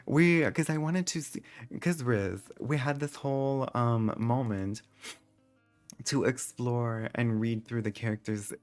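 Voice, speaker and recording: A man's voice: slow pace, long pauses, smooth, soft background music. Sassy theatrical male streamer. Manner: sassy, theatrical, calls chat divas; voice leaps high when exclaiming. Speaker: game streamer. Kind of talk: live stream chatting with chat.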